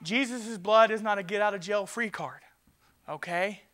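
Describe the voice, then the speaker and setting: A male pastor preaching a sermon with passion, swinging from loud urgency to quiet and often stammering and restarting. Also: high-pitched, normal speed.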